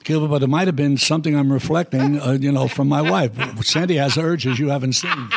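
An older man with a New York accent, telling stories in an interview, animated and swearing freely. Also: fairly high pitch, a little fast, gravelly, background noise. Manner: animated storyteller, swears freely, acts out quotes. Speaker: guest, actor. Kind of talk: casual storytelling interview. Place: club room.

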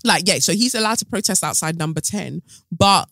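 Sassy man, bright voice. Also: sits high, lively intonation, brisk, vocal fry, no room sound. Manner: sassy, chatty, sarcastic asides. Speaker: podcast host. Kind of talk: casual gossip commentary.

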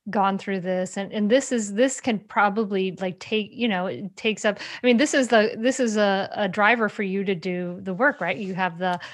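A woman hosting a podcast interview, animated and speaking straight to her listeners. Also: mid-range voice, moderate pace, hardly any pauses. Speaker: podcast host. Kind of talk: conversational interview.

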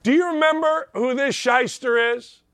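A man's voice: extremely high pitch, moderate pace, fairly bright tone, no echo, studio quality. An older man hosting a sports talk show, ranting emphatically in an opinionated monologue.

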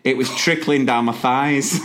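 A man's voice: mid-range voice, fairly even intonation, measured pace, a bit bright, faint music behind. A man co-hosting a podcast, reading out a listener's letter with a few chuckles. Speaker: podcast co-host.

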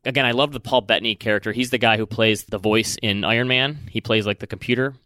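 Bright, clear-voiced man chatting casually. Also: lowish voice, a little fast, no echo, clean studio sound. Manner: animated, chatty, acts out quotes. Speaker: podcast co-host. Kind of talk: casual podcast chat.

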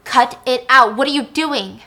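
A woman voicing a desperate, furious male con man who shouts accusations. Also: a little high, animated, brisk.

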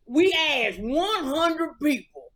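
A woman doing an impression of a loud male game-show host with a put-on Southern country accent, drawn out and bossy. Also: high voice, big pitch swings, slow pace, voice pushed up, exaggerated voice. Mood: hollering.

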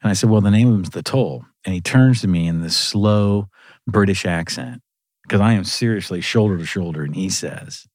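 A man hosting a casual conversation, animated and laughing as he tells long anecdotes about his music days. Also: deep voice, normal speed, no echo, studio quality.

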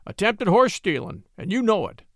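A man voicing a rough frontier deputy with gruff, rustic country speech. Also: high-pitched, big pitch swings, moderate pace, no echo, clean studio sound, pitched above the performer's own voice. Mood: blustering. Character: blustering frontier deputy, rough and then cowed.

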